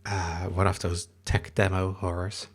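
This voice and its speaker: Low husky guy on a livestream, english not his first language, rambles and answers chat. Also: level tone, unhurried.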